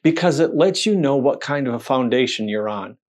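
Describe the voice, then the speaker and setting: Brief: male preacher, mid-pitched voice, lively sermon delivery full of rhetorical questions. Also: a little fast. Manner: animated storytelling with rhetorical questions and quoted voices.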